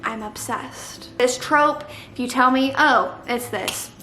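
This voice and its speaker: Young woman, fairly high voice, casual vlog chat, dramatic and opinionated, roomy echo. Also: measured pace, sharp tone, faint music behind. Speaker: book vlogger. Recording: echoey room with faint noise.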